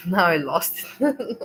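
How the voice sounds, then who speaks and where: A woman's voice: fairly low pitch, a bit bright, slight background noise, poor audio. A woman hosting a livestream, chatting casually in a rambling, emotional way and swearing freely. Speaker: livestream host.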